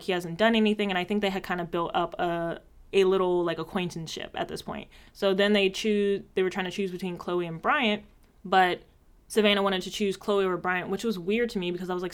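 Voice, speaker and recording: A woman chatting casually as a co-host, recapping episodes with quick, animated asides. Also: lowish voice, clean tone.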